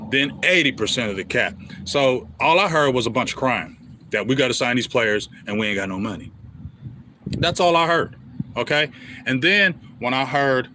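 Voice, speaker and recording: A man with a bright, forceful voice rants in fan commentary, repeating his points and pushing back hard. His pitch sits in a middle range for a man. Faint noise hums under the recording. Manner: heated, repetitive, talks straight at the team bosses. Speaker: sports show host.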